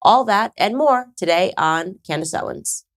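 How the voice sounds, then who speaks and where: An American woman in her thirties hosts her own podcast, offering casual commentary to camera with faint music behind her. Her medium-pitched voice is animated and a little slow, and she speaks emphatically and conversationally with sarcastic asides.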